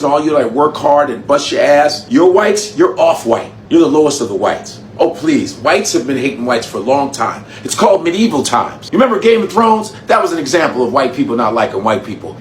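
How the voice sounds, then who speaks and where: A man's voice: a little high, slight background noise. A man delivering a profane political commentary rant in a mocking, heated way, recorded in an echoey room.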